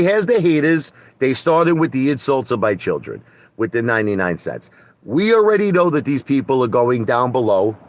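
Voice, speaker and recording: Animated, emphatic New man. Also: mid-range voice, no echo. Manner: emphatic, repetitive, swears mildly. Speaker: live stream host. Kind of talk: casual live stream rant. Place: indoors at home.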